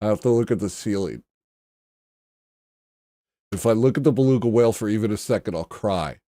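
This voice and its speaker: Man hosting a casual livestream, animated low voice that gushes and drops to a hush, dry close sound. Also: fairly quick, dry recording. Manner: animated, gushing, slips into a choked near-whisper. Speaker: livestream host.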